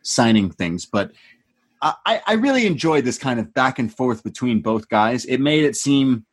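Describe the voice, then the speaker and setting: A man's voice: mid-range voice, moderate pace, husky. A man co-hosting a podcast, casually and animatedly retelling a wrestling show and acting out the wrestlers' lines. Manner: animated retelling, quotes the wrestlers in changed voices. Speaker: podcast co-host.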